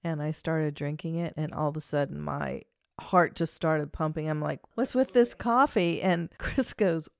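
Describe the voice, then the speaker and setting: Middle-aged woman co-host, lowish voice. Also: normal speed, gravelly, no room sound, studio quality. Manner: warm-humored, animated retelling, laughs along. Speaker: podcast co-host. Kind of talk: casual chat.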